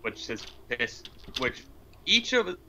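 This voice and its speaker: A man's voice: mid-range voice, very animated, slow, vocal fry. A man playfully chatting and exclaiming with friends while playing a building game online. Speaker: player. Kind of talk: casual gaming banter. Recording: noisy voice chat mic.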